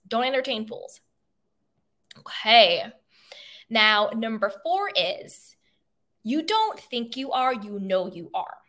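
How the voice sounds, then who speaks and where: A woman's voice: a little high, pushed and bright. A woman hosting a self-help podcast, talking in an emphatic, motivational way and repeating key phrases for effect. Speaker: podcast host.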